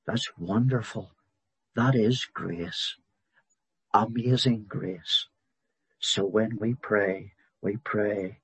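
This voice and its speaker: A man preaching a sermon in a slow, emphatic way, swelling louder on key words. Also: on the low side, steady tone, breathy edge, no echo.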